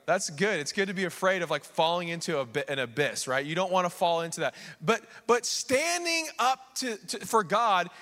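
Man preaching, animated, high and bright voice, long church-hall reverb. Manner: animated, swings between quiet asides and raised preaching; acts out the king and others in quick voices. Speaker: pastor. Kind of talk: sermon. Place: church sanctuary.

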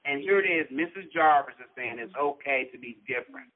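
A man's voice: medium pitch, brisk. A man, an author and guest, telling his life story in an earnest, inspirational way with a preacher-like rhythm. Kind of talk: storytelling interview, motivational. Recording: tinny phone-line sound.

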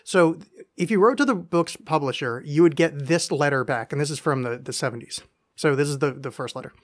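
Brief: male solo podcast host, casual and profane, stumbling through a reading, voice pitched a bit high. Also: quick pace. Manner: rambling, self-deprecating, profane.

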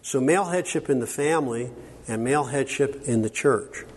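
Speaking at normal speed in a slightly rough, mid-range voice, a man delivers a conference workshop lecture. He keeps an emphatic, conversational tone and regularly asks the audience "okay?"

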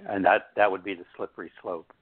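A man's voice: low-pitched, steady tone, fast, noisy background. A man calling in to a talk show, asking questions in a hesitant, stumbling way. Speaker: caller. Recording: tinny phone line.

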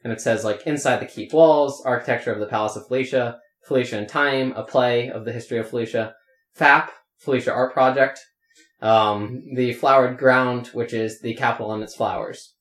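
A man's voice: medium pitch, fairly even intonation, moderate pace, a bit bright. A man running a tabletop game as game master, rambling with many fillers. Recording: roomy echo.

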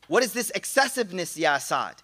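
A man gives an animated religious talk in a high, bright voice. He preaches in casual slang, restarting his sentences often and tossing in playful asides to the room. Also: brisk. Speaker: Islamic teacher. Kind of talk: lively religious talk to a congregation.

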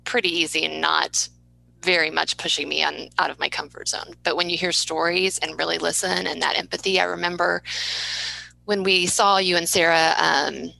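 A woman hosting a podcast, heartfelt and rambling, often restarting her sentences. Her voice is lowish but bright, with gravelly fry and a dry close sound. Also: level tone, normal speed, low-quality recording. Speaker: podcast host. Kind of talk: interview conversation.

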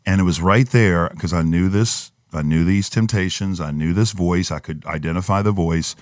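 A man's voice: low voice, normal speed, no echo, clean studio sound. A man, a pastor, telling an earnest personal story in a podcast conversation and acting out the voices in his head.

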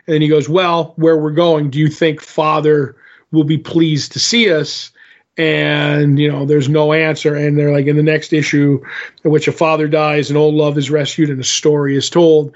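A man's voice: fairly high pitch, flat delivery, normal speed. Rambling man recapping comics, lo-fi sound. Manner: rambling, many restarts, acts out dialogue loosely. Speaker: podcast co-host. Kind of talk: casual comic book recap.

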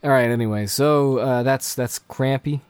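A man co-hosting a podcast in casual chat, playful and slipping into halting German. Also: mid-range voice, clean tone, no room sound. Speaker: podcast co-host. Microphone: studio mic.

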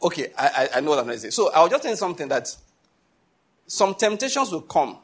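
A man's voice: a little high, big pitch swings, quick pace, husky. A man preaching a sermon, telling stories and acting out the dialogue with a laugh. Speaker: pastor.

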